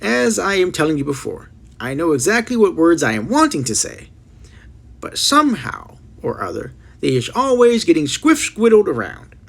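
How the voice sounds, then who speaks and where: A man's voice: huge pitch swings, moderate pace, creaky, a bit bright, breathy edge, full character voice. A man voicing a very old, kindly giant who talks in jumbled, mangled grammar. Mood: rambling. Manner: mangled grammar, booming cries.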